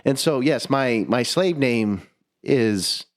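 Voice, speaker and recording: A man's voice: mid-range voice, lively intonation, slow. A young man co-hosting a podcast, telling a story in casual chat, swearing freely, laughing mid-sentence and restarting his words. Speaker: podcast co-host.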